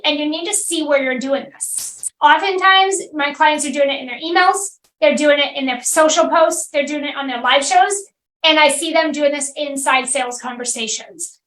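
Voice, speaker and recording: A woman hosts her own podcast as a business coach, her voice sitting high and bright. She talks straight at the listener with emphatic, repeated phrases. The sound carries a noticeable room echo. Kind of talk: solo podcast monologue.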